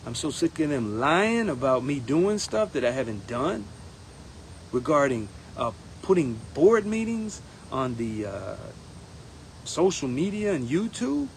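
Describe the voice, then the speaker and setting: A man speaking in a casual campaign monologue as a union steward, animated and acting out others in quotes. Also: fairly high pitch, measured pace, a little hiss or hum, low-quality recording. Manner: animated, acts out members' voices in quotes. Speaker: union steward running for president.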